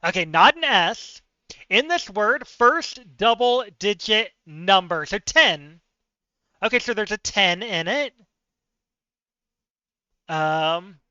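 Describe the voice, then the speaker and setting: A man's voice: high-pitched, sharp tone, no echo, lo-fi sound. A man streaming live word games, thinking aloud, chatting with viewers and poking fun at himself.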